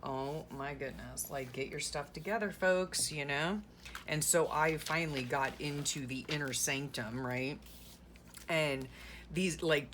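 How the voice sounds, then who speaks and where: A middle-aged woman vlogs about journaling, chatting casually as she glues things into her journal and rambling through a story full of sarcastic asides. Her voice is very deep yet a bit bright, and a little hiss or hum runs under the recording.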